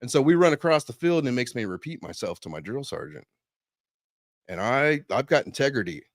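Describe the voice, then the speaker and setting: A man telling a casual story as a podcast guest, swearing freely and animated. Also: medium pitch, a little fast, no echo, studio quality.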